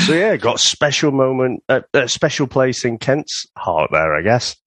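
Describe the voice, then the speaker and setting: A man's voice: medium pitch, a bit bright, slightly rough, dry recording. A man co-hosting a podcast, telling stories casually with laughter and swearing. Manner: laughing storyteller, swearing, hesitant fillers. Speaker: podcast co-host. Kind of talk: casual chat.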